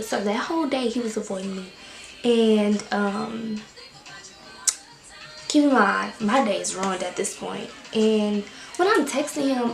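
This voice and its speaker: A young woman vlogger telling a story time, animated and slangy with quick bursts of emphasis. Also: medium pitch, gravelly. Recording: roomy echo with faint music.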